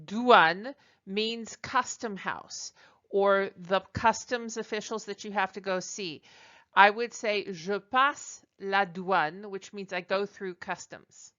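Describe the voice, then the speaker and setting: A woman teaching a French lesson at a slow, careful pace. She fills pauses with ums and uhs and models each phrase clearly so listeners can repeat it. The recording sounds a little dull and lo-fi. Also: medium pitch, steady tone, a bit bright.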